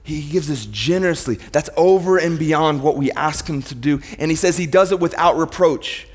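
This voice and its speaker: A man's voice: fairly high pitch, normal speed. A man preaching a sermon in a church, firing rhetorical questions at the congregation as his intensity rises and falls. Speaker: pastor. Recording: long hall reverb.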